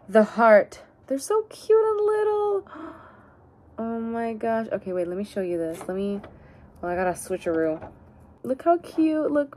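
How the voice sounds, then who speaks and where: A woman's voice: mid-range voice, darkish tone, a little hiss or hum. Bubbly young woman in cutesy baby talk. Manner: bubbly, cutesy baby talk, swings between squeals and mumbles. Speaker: unboxing vlogger. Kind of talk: casual unboxing chat.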